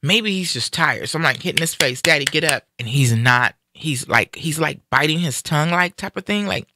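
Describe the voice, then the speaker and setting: Bright, forceful man retelling a story. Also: fairly high pitch, normal speed, no room sound. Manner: animated retelling, acting out quoted speech. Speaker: guest sharing a personal story. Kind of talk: casual live-stream conversation.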